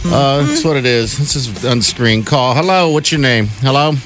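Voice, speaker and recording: A man hosting a morning radio show, taking calls and teasing his co-hosts in quick, casual banter. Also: medium pitch, music in the background. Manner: lively, teasing, quick reactions.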